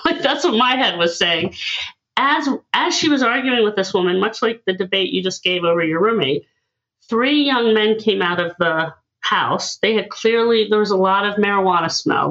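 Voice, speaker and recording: A woman tells stories in an animated, conversational way and voices the people in them. The recording sounds slightly dull and lo-fi. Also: medium pitch, normal speed. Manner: animated, acts out dialogue in her stories. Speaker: guest, listening expert. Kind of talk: conversational storytelling.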